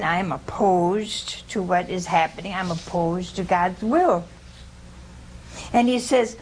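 A woman's voice: lowish voice, a little slow, a little hiss or hum. A woman giving an informal religious talk to a live audience, chatty and humorous, often putting questions to her listeners. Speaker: religious teacher.

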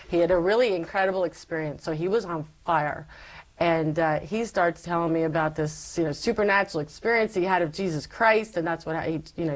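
Woman guest, lowish voice, lively testimony storyteller who acts out her own old lines. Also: low-quality recording. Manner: animated storytelling, acting out her own past words. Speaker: interview guest. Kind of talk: personal faith testimony.

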